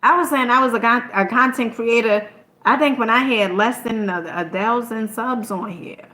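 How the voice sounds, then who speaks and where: A woman's voice: on the high side, moderate pace, pushed and bright, roomy sound, rough recording. A woman content creator giving an emphatic, preachy motivational talk to her viewers. She keeps checking in with "okay?" and swears casually.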